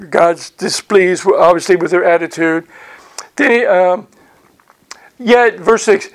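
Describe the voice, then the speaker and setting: A middle-aged man teaching a sermon as pastor, talking conversationally with frequent "right?" asides and reading scripture aloud slowly. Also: high voice, fairly even intonation.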